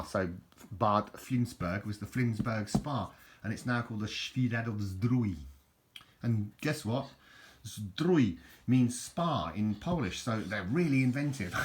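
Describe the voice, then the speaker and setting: A middle-aged man, chatting in a jokey, rambling way while he shows things around his home kitchen on a handheld camera. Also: lowish voice. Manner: chatty, jokey, self-interrupting. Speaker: vlogger. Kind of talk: casual rambling home vlog. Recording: home video with background noise.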